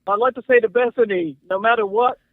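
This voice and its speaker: A man with an Australian accent calling in, deadpan and sarcastic. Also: sits high, quick pace. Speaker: caller. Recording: tinny phone line.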